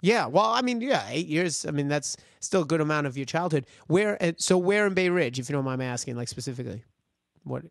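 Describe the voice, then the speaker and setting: A man's voice: a little high, animated, creaky, dry recording, clean studio sound. A man with a New York accent hosting a casual interview chat, eager and talkative. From Brooklyn, US. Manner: chatty, eager, quick back-and-forth with laughs. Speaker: podcast host.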